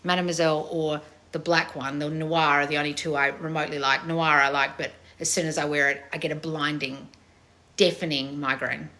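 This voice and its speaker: A loud, brash woman, chatting casually as a channel host. Her lowish voice has a bright, forceful edge. She is blunt and swears freely. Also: flat delivery, a little fast. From family of Croatian heritage. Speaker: channel host reading viewer comments. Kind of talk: casual live chat.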